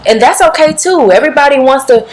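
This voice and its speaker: Animated woman co-hosting a chat podcast. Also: sits high, fast talker, slight background noise, rough recording. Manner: open, candid and animated. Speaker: podcast co-host. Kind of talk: casual chat.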